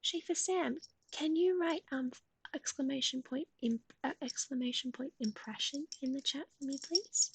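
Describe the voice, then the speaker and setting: A young woman streaming live, whispering softly and cooing in baby talk to her dog while chatting with viewers. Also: sits high, moderate pace. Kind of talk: ASMR livestream chat.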